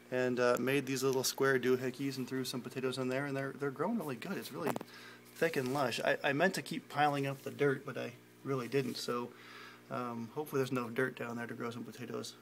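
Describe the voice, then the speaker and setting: Casual male home gardener, mid pitch with a gravelly edge; unpolished, self-mocking walkthrough recorded on a phone. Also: a little hiss or hum. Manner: rambling, self-deprecating, many fillers and restarts. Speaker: home gardener giving a tour. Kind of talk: casual unscripted garden tour. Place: indoor garage garden. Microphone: phone camera held while walking.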